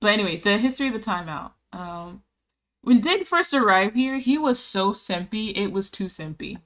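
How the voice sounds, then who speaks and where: Woman streamer, bright voice, loose chatty delivery, reads chat out, giggly. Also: medium pitch, expressive, normal speed. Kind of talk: casual live-stream chat.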